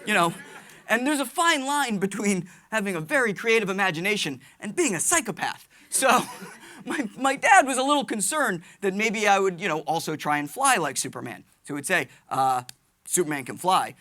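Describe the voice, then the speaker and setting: Animated American comedian telling stories. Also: male voice, high-pitched, moderate pace. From United States. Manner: animated, excitable, jumps between voices. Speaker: stand-up comedian, Army veteran. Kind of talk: stand-up comedy storytelling.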